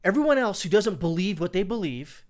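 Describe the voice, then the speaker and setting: A man with a fairly high voice hosts political commentary. He is sarcastic and scornful as he reacts to news clips, and he thinks aloud with plenty of fillers. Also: big pitch swings, a little fast, a little mellow.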